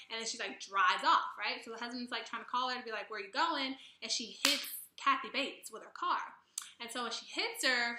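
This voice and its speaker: Chatty young woman, bright echoey voice. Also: on the high side. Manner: chatty, profane, animated retelling with filler "like". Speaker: YouTube reaction vlogger. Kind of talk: casual recap vlog. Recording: echoey room.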